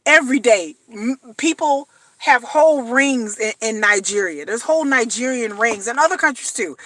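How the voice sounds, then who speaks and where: A woman delivers a blunt, slangy vlog commentary, hammering her points home with repetition. Her voice sits high and sounds bright and forceful. The recording is dry and close. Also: no echo. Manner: blunt, emphatic, slangy, repeats phrases. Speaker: reality TV commentator.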